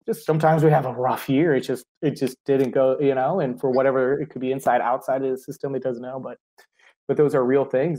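Fast-talking, animated teacher man. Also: mid-range voice. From United States. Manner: animated storyteller, laughs often, acts out quotes. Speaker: high school German teacher, guest. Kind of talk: casual interview conversation.

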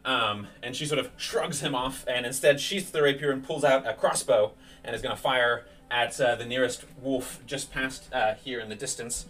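A man's voice: mid-range voice, moderate pace. Man running a tabletop game from a distance. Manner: relaxed, with frequent fillers. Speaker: game master.

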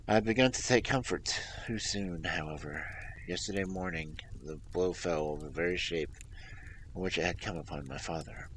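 A man reading aloud, voicing a frightened young man anxiously recounting his troubles in a halting, worried way. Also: low-pitched, a bit bright, a little hiss or hum, voice pushed down, low-quality recording. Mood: grim.

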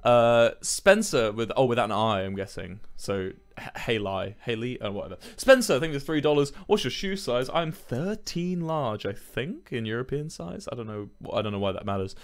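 A young man chatting casually to his stream viewers, telling stories in a rambling, animated way with plenty of swearing. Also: medium pitch, moderate pace, few pauses.

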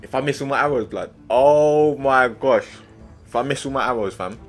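A young man giving excitable, slang-heavy let's-play commentary, swinging between muttering and loud outbursts. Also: mid-range voice, very fast, faint music behind. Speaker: gaming streamer.

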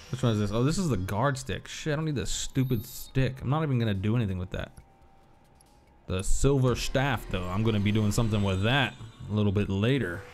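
In a fairly low, slightly mellow voice, a man in his thirties streams a video game and tells meandering stories. He swears casually and laughs easily in this laid-back commentary, and faint music can be heard behind him.

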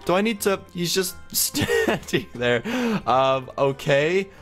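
Excitable young man narrating gameplay. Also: a little high, slow pace, soft background music. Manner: excitable, rambling, laughs and gasps often. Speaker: gaming channel host.

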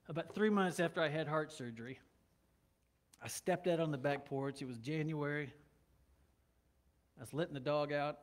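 Male pastor with a high-pitched voice, conversational sermon with light humor. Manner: conversational, joking asides. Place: church.

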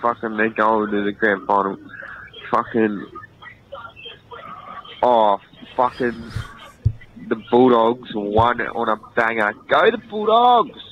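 A man's voice: lowish voice, level tone, takes it slowly, pauses often, highs cut off, a little hiss or hum. A teenage man leaving a rowdy, swearing voice message as a caller. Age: teens. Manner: rowdy, sweary, drunken shouting.

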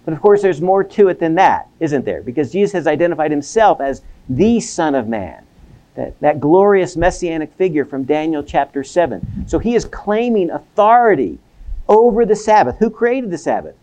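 A man lecturing on scripture in a lively, animated way, his voice sitting a bit higher than most men's. He throws questions at the room, then answers them, and keeps tagging his points with a quick "right?" to keep listeners with him. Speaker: seminary lecturer. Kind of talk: academic Bible lecture.

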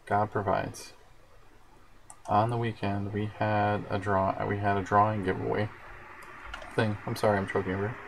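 A man's voice: fairly low pitch, flat delivery, normal speed, pauses often, background noise. A man hosting a casual livestream, chatting in a rambling way and answering viewer comments as they come in. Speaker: livestream host.

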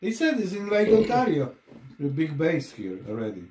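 A man's voice: a little high, wildly swooping pitch, normal speed, darkish tone. Blunt, swearing man in an echoey room. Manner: blunt, swears a lot, broken English grammar. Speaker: podcast co-host. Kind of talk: casual chat.

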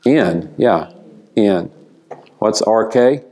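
A man teaches a church Bible class in a low voice. He takes his time, explaining patiently and pausing to put questions to the class. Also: expressive, warm tone.

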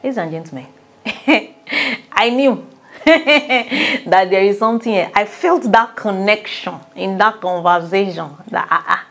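Lively Nigerian woman telling her story. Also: mid-range voice, a little slow, gravelly. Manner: animated, laughs often, acts out quotes. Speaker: relationship coach. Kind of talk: personal storytelling.

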